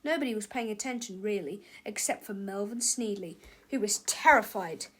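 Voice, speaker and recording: Expressive woman reading a storybook aloud. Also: mid-range voice, moderate pace, slightly rough.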